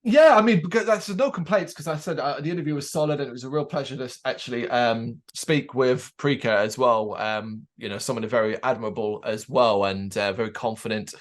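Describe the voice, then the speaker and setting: A man co-hosting a casual chat show, telling an animated anecdote and acting out the people in it, swearing freely. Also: mid-range voice, a little fast, few pauses. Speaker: podcast co-host.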